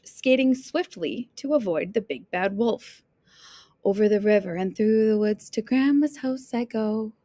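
A woman teacher reading a children's picture book aloud in an expressive, playful storytelling manner. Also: fairly high pitch, no echo, clean studio sound.

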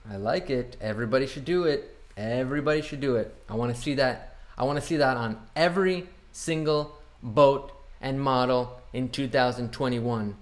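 A man's voice: mid-range voice, moderate pace, hardly any pauses. Chatty man giving casual opinions. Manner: chatty, opinionated, thinks aloud. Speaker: boat broker reacting to a promo video. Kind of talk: casual reaction commentary.

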